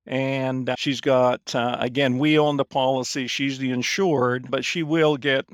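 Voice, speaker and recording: A man's voice: medium pitch, steady tone, a little slow, clean tone, dry recording, clean studio sound. A man in his fifties, a guest on a finance podcast, telling his story casually with lots of fillers and restarts. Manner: rambling, many fillers and restarts.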